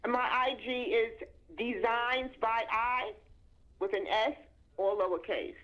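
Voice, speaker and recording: A woman calling in to a live show in casual chat, upbeat and brisk. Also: fairly high pitch, a bit bright. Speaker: caller. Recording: dull phone line with faint noise.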